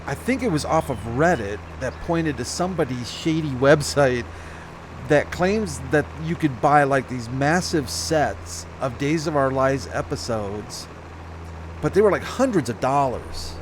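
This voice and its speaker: A gaming channel host, hiccuping slightly, speaks a little slowly but with animation as he rambles through his farming game and corrects himself. His voice is mid-range, and background noise is audible.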